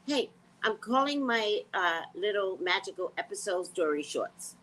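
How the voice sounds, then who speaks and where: A woman's voice: medium pitch, measured pace. A woman psychic hosting her own vlog, rambling bluntly and casually. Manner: animated, blunt, sings and repeats phrases.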